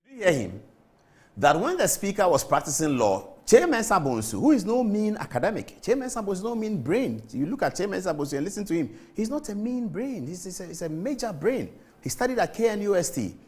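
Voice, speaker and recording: A man's voice: high-pitched, sing-song, a little fast, a little mellow, slightly rough. Impassioned Ghanaian male TV host. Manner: impassioned, emphatic, repetitive. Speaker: TV show host. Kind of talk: studio commentary.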